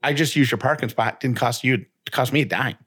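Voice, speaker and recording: A man's voice: medium pitch, a little fast, a bit bright, husky. A man in his thirties co-hosting a podcast, telling a story in casual chat and acting out both sides of an exchange. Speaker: podcast co-host.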